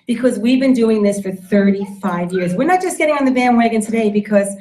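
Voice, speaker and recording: Speaking at a medium pitch and normal speed with few pauses, a woman with a warm tone delivers an emphatic sales pitch to an audience in a meeting room. She presents network marketing and keeps repeating her main points. The recording has an echoey room sound.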